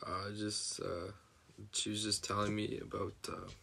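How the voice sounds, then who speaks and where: A man's voice: fairly low pitch, level tone, measured pace, gravelly, pushed and bright. A man playing in a tabletop game, answering in short, hesitant bits. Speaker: player. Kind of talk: casual chat.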